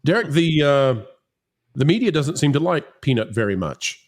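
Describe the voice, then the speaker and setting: A man hosting a casual political panel, asking sardonic questions in an animated way. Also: on the high side, moderate pace. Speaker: host.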